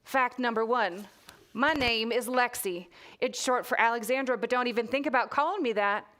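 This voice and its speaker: A woman's voice: fairly high pitch, moderate pace, fairly bright tone, lightly acted. Woman voicing a sassy Texan girl storyteller. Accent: Texas. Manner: sassy, matter-of-fact. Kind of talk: reading a children's book aloud.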